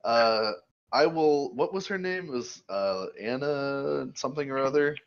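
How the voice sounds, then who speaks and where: Man, tabletop player, wry casual talk, mid pitch, dull recording. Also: expressive, unhurried, clean tone. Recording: dull lo-fi mic.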